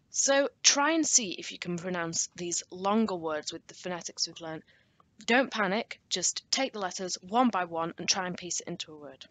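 Bright-voiced woman teaching. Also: on the low side, no room sound. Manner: patient, slows down to model words. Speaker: language teacher. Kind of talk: recorded language lesson.

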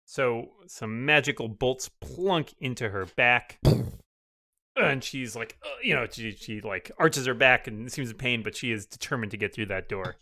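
A man's voice: mid-range voice, normal speed, sharp tone, no echo, clean studio sound. A man acting as game master of a tabletop game, describing the action and thinking aloud as he makes rulings.

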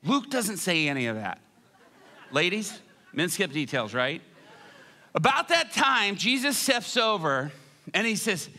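A man preaching a sermon at a church service, telling joking, lively stories. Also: high-pitched, a little slow, long pauses. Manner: animated, joking storytelling. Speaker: guest preacher.

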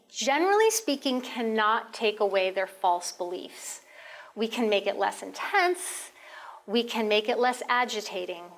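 Calm, gentle woman health educator. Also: a little high. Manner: calm, instructive, softens into a gentle tone when modeling reassuring phrases. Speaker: marriage and family therapist presenting a caregiver talk.

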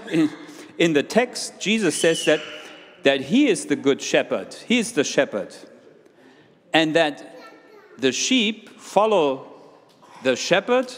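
A man's voice: on the high side, slight background noise. A man leading an interactive children's sermon in a church, playful and full of questions to his young listeners. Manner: playful, questioning the audience, walking around while talking. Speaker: preacher leading a children's talk. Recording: long hall reverb.

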